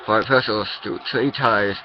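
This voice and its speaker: Man reading as a formal foreign king, halting, restarts, muffled lo-fi audio. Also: on the low side, close to an everyday voice. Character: adult male king proposing an alliance.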